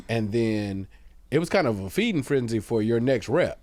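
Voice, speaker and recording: A male podcast co-host talks in a bouncy, sing-song way, throwing quick reactions and questions at his guest. The sound is dry and close, with no room echo. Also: medium pitch, big pitch swings, darkish tone. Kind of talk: casual chat. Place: podcast studio.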